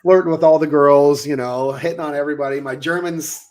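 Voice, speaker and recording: Man telling a lively personal story. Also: on the high side, brisk. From United States. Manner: animated, acts out his own past lines. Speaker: coach and podcast host. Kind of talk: casual storytelling chat.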